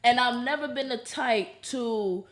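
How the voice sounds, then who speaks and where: A woman guest on a podcast in casual chat, animated and opinionated, filling her talk with "you know". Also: fairly high pitch, a little slow.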